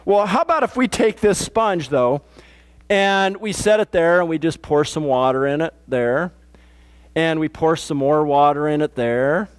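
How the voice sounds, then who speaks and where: A man's voice: a little high, animated, a little slow. A pastor delivering a conversational sermon in a plain-spoken, matter-of-fact way, often restarting his sentences. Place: church.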